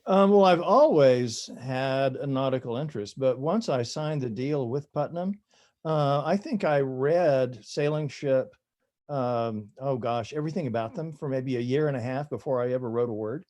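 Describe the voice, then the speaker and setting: Older man with a mellow voice. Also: mid-range voice, moderate pace. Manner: chatty, self-deprecating, laughs at own stories. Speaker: author guest. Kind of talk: relaxed storytelling interview.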